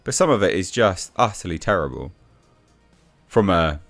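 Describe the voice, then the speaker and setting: Blunt, lively man reviewing. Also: low-pitched, normal speed, soft background music. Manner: blunt, exasperated, with frequent restarts and swearing. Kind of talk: casual review rant.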